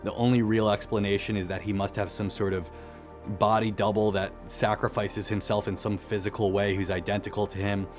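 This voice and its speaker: A man's voice: on the low side, level tone, brisk, soft background music. A man giving a casual, reflective film commentary in a conversational way. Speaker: video essayist.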